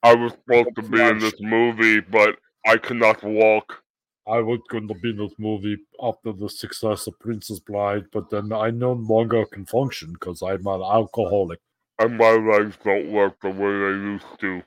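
A man putting on a comic impression of a drunken giant wrestler, slow, rambling and boastful. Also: fairly low pitch, little pitch movement, a bit bright, no room sound, natural voice, poor audio. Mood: boozy boastful. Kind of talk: comedic impression.

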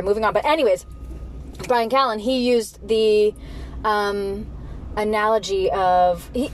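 A woman's voice: slow pace, a little hiss or hum, rough recording. A woman talking casually on her own, rambling and swearing freely, acting out whiny voices. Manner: animated, acts out whiny voices in high pitch, swears freely.

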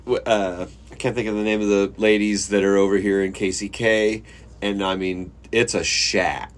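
A man from the Kansas City area who hosts a relaxed chat, laughing easily and answering with short agreeing words. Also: on the low side, moderate pace. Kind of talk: casual chat.

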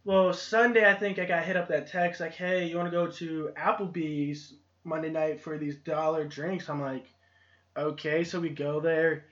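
A young man with a fairly high voice co-hosting a podcast, chatting and laughing as he recounts his week. The recording is lo-fi, with an echoey room around the voice. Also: little pitch movement, moderate pace, fairly bright tone. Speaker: podcast co-host. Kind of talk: casual chat.

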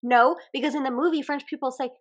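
A woman's voice: sits high, steady tone, quick pace, heavy background noise. A woman with a Southern US accent, co-hosting a podcast in casual chat, talking in a reflective, earnest way that trails off with fillers. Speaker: podcast co-host.

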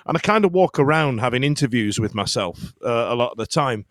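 A man co-hosting a podcast, joking around in animated banter. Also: medium pitch, a little fast, dry recording, studio quality. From England. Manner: jokey, animated. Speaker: podcast co-host.

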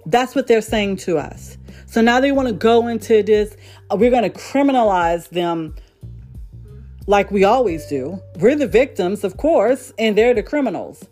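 A woman's voice: medium pitch, lively intonation, normal speed, mellow, faint music behind. A woman vlogger delivering a heated, profane monologue rant, repeating herself for emphasis.

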